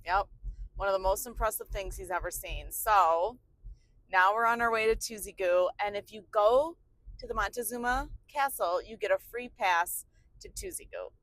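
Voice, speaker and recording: Bright, chatty woman travel vlogger. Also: mid-range voice, normal speed. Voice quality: chatty and exclamatory, with filler "like". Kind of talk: casual travel chat. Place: traveling by car.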